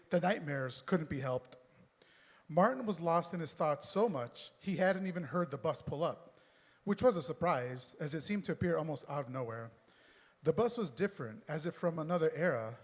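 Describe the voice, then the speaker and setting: A man reading his own story live on stage into a mic, with quick joking asides to the audience. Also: a little high. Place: stage in a performance venue. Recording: long reverb in a performance hall.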